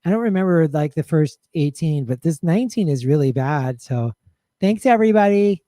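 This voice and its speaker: Guy doing a bubbly airhead influencer girl, like every other word, mellow tone. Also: a little high, lively intonation, moderate pace, dry recording, close to an everyday voice. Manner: valley-girl talk, every phrase padded with "like". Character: ditzy young woman influencer, bubbly and airheaded. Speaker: comedian.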